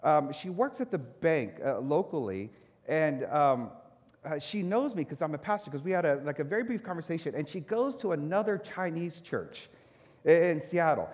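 Pastor guy telling a story in church, kinda high voice, big echoey hall. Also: normal speed. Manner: animated storyteller, acts out his own anger. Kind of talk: storytelling sermon.

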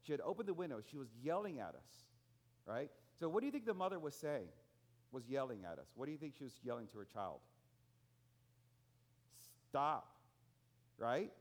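A man's voice: mid-range voice, sing-song, fast, darkish tone. A man preaching a sermon in a conversational way, telling personal stories and asking his listeners rhetorical questions with a frequent "right?". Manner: tells personal stories with restarts and rising emphasis. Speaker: pastor.

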